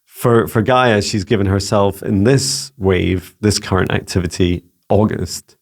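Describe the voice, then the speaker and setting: A Scottish man relaying psychic messages to viewers in a casual solo talk, halting and searching for words as he goes. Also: fairly low pitch. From Scotland. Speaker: psychic mentor answering viewer questions. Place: home with a laptop.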